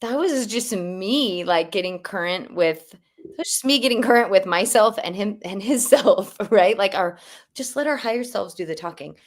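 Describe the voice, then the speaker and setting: A woman's voice: mid-range voice, expressive, moderate pace. A woman co-hosting a livestream, telling a personal story in a rambling, heartfelt way. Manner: rambling personal storytelling, many fillers and restarts. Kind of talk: casual livestream chat.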